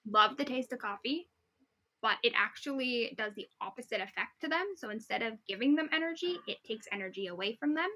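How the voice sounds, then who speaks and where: A young woman with a lilt co-hosts a chatty podcast, her voice bright and a touch high. She reads posts aloud in an animated way and keeps giggling mid-sentence. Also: a little fast. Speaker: podcast co-host. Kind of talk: casual chat, reading posts aloud.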